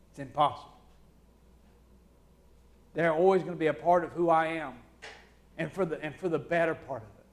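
A man with an Alabama Southern accent, preaching a sermon as pastor, swinging between loud declarations and hushed, low asides. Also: steady tone, normal speed, pauses often.

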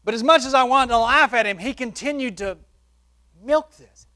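A man preaching, telling a personal testimony with animated shifts between loud and soft. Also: very high voice, normal speed. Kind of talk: sermon testimony story.

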